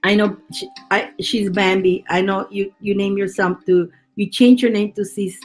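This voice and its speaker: A woman's voice: medium pitch, steady tone, normal speed, soft background music. A woman doing a live-streamed psychic tarot reading, reassuring and chatty, often restarting and repeating words. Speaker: tarot reader.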